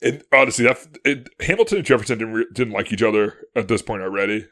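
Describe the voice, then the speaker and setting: Male podcast co-host, lively pitch, casual storytelling with playful character asides. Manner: animated, acts out historical figures in quick asides; laughs often. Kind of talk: casual history chat.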